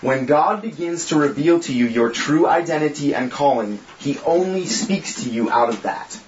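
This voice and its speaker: A fairly high-pitched, animated male voice at normal speed belongs to a small group's leader and preacher. His sermon and prayer are informal and joking while staying earnest. The recording has slight background noise, an echoey room, and a slightly dull sound.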